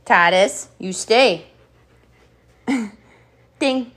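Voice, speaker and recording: A woman hosting a home live stream, playfully giving her dogs quick commands and thanking viewers, a bit out of breath. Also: mid-range voice, animated. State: slightly out of breath. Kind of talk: live stream chat while training dogs.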